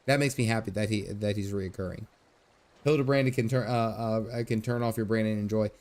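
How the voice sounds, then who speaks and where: A man's voice: lowish voice, fairly even intonation, a little fast, darkish tone. Chatty man livestreaming a game. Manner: chatty storyteller, frequent laughs and asides. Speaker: gaming livestreamer. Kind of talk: casual chat over gameplay. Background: faint game music.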